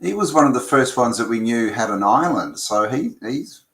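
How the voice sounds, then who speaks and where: An easygoing man chatting on a podcast, quick to laugh and to push his friends for a bit. His voice sits at an ordinary middle pitch. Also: lively intonation, crowd noise. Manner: easygoing, laughs often, eggs others on. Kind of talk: casual chat.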